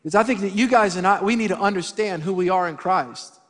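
High-voiced pastor in a reverberant church. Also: male voice, a little fast. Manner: animated, humorous storytelling with voiced asides to the congregation. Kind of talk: sermon with storytelling. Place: church sanctuary. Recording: church hall with long reverb.

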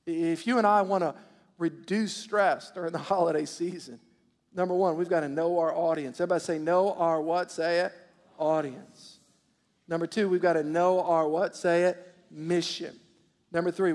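A man with a high, gravelly voice preaches in a call-and-response style, often repeating himself and prompting the congregation to answer. His voice carries a long reverb from the church hall around him. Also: moderate pace. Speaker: pastor. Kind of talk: sermon. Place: church sanctuary.

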